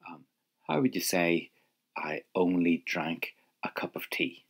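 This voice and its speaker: A man's voice: low voice, expressive, measured pace, vocal fry. A man teaching an audio language lesson, patiently prompting the listener to answer.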